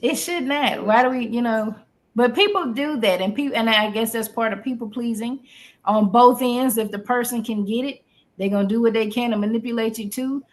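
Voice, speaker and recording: A woman in casual podcast chat, talking in an animated, folksy way with frequent restarts. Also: on the high side, a little fast. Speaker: podcast co-host.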